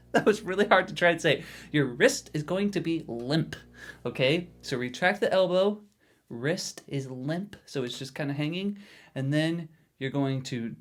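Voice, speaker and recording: A man teaching a drum lesson in a casual, encouraging way, often checking in with the viewer. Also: medium pitch. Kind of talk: instructional video lesson.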